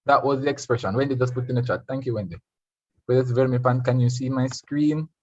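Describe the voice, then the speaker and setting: A man's voice: mid-range voice, steady tone, brisk, darkish tone, no room sound. Jamaican guy teaching spanish online, switches english and spanish, dry kinda dull call audio. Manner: mixes English and Spanish, quizzes students. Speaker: Spanish tutor. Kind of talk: online revision lesson.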